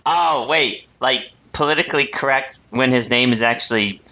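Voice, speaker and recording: A man co-hosting a podcast, trading deadpan ironic quips and laughing often. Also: mid-range voice, moderate pace, creaky. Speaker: podcast co-host. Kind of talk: casual comedic chat.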